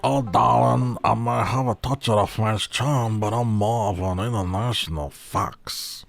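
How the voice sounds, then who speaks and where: A man's voice: lowish voice, a little slow, vocal fry. Male performer reads a sophisticated diva fox villager, haughty, affected, darling every line. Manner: affected, calls people darling.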